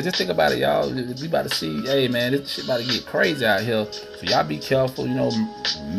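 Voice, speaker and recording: A man's voice: medium pitch, creaky. A man hosting a podcast, ranting casually and profanely while addressing listeners as y'all. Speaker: podcast host. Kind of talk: casual solo rant. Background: music playing.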